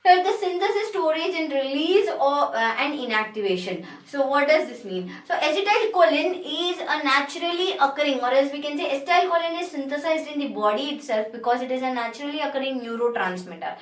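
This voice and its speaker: Here a woman with an Indian English accent teaches pharmacology in an animated, high voice, going a little fast with few pauses. She explains things methodically and keeps restating them, and the echoey room and distant mic color the sound.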